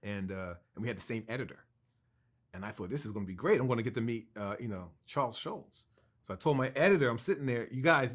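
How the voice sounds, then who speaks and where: A middle-aged man tells a long personal anecdote as an interview guest. He talks in an animated way, restarting sentences and acting out the people in his story. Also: mid-range voice. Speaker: cartoonist guest.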